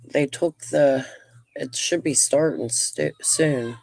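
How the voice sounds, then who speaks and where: A middle-aged woman and grandmother hosting a casual livestream, venting and telling stories in an animated way while getting over a lung infection. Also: sits low, slow, gravelly, no echo, clean studio sound. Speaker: livestream host.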